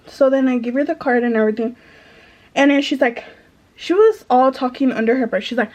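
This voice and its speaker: High-voiced young woman telling a story. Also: fairly quick. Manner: animated, frustrated, swears freely. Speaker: vlogger, retail manager. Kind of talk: casual storytime.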